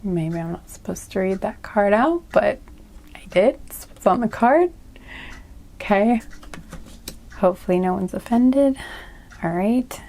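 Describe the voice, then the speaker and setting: A woman's voice: mid-range voice, animated, measured pace, pauses often, warm tone. A woman giving a casual tarot card reading, chatty and rambling, often apologizing and laughing at herself. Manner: rambling, apologetic, self-deprecating. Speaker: tarot reader.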